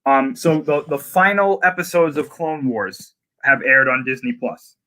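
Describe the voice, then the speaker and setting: A man's voice: mid-range voice, measured pace, bright, forceful tone. A man in casual conversation, eagerly retelling scenes from a series in detail. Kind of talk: casual chat.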